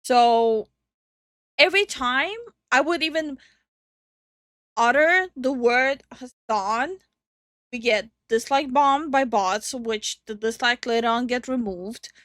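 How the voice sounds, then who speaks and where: Woman, react co-host, incredulous, dry quips, higher voice, dry close sound. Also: slow pace, a bit bright, dry recording. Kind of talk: casual react commentary.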